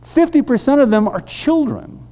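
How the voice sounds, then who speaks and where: A man preaching a storytelling sermon as a pastor, animated and halting with frequent restarts. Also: very high-pitched, slight background noise.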